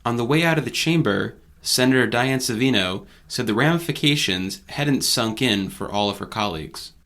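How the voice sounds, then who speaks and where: A man hosting a news podcast, reading his scripted narration in a measured, even way. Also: mid-range voice. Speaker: podcast host and reporter.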